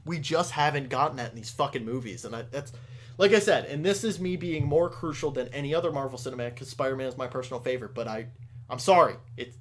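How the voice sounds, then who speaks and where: A man co-hosting a casual podcast chat, excitable and swearing a lot, raising his voice when he gets worked up. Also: mid-range voice, fast. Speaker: podcast co-host.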